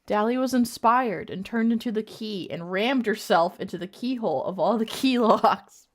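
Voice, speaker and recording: A woman's voice: mid-range voice, moderate pace. A woman streamer reading bad fanfiction aloud, breaking off for mocking, profane asides.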